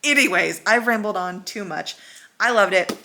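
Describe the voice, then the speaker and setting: Young woman rambling about a book, gravelly bright voice, swears a lot. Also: mid-range voice, normal speed, slight background noise. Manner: animated rambling with swearing and acted quotes. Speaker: book vlogger. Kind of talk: casual chatty book review.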